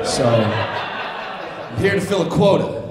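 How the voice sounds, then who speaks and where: A man's voice: fairly high pitch, sing-song, slow. A man doing stand-up comedy with a dry, self-deprecating delivery. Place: comedy stage in a small venue. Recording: echoey room with a laughing crowd.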